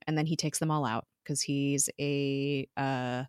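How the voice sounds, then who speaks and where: Low-voiced woman recapping casually. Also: fairly even intonation, fairly bright tone, smooth, dry recording, clean studio sound. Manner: chatty, quick retelling with fillers and laughs. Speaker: podcast co-host recapping a TV episode.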